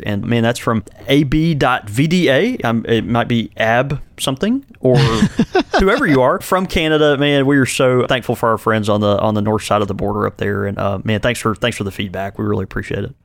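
An easygoing man co-hosting a podcast, rambling with restarts and chuckles. His voice sits in an ordinary middle pitch, recorded close and dry. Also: expressive, a little fast, creaky, no echo. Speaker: podcast co-host. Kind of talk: casual chat.

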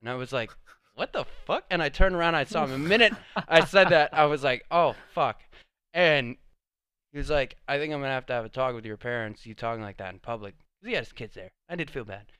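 A man's voice: medium pitch, a little fast, clean tone, dry recording. A young man co-hosting a podcast, telling stories in casual chat and acting out the people he quotes. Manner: animated storyteller, acts out quotes. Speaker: podcast co-host.

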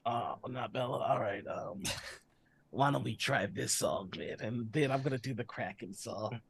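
A man's voice: medium pitch, unhurried, vocal fry, husky. A man playing a tabletop game, talking in a laid-back, hesitant and slangy way. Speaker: player. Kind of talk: casual tabletop role-play.

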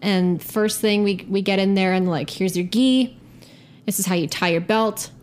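A young adult woman telling a story in a casual podcast chat, animated, profane and self-mocking. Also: mid-range voice, normal speed. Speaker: guest storyteller.

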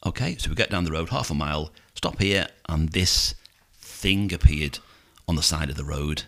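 A middle-aged Liverpool man with a thick Scouse accent and a very deep voice. He tells taxi stories in relaxed podcast chat, throwing himself into the voices of his passengers. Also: moderate pace, few pauses. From Liverpool, England. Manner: animated storyteller who acts out voices. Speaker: podcast host, taxi driver. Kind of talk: casual storytelling chat.

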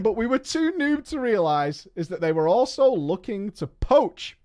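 A man streaming, reading a story aloud and breaking off with quick, joking reactions. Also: sits high. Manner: animated, swears and laughs often, reads in quick asides.

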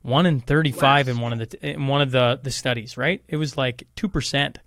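A man's voice: mid-range voice, fairly even intonation, a little fast, fairly bright tone, dry recording, studio quality. A man hosting an interview podcast, talking casually and rambling, joking at his own expense and calling listeners folks. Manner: rambling, self-deprecating, addresses listeners as folks. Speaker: podcast host.

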